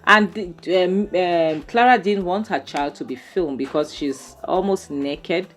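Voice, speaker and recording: A movie reviewer recaps a film episode in casual commentary, sounding exasperated as she talks fast and peppers everything with "you know" and "um." Her voice is fairly low and fairly bright, with soft music in the background.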